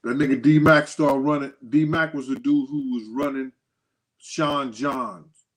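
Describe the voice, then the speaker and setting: A man hosting a casual livestream, telling stories with animated quoted dialogue and thanking viewers by name. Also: medium pitch, slow. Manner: animated storytelling, acts out quotes in a raised voice. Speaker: host.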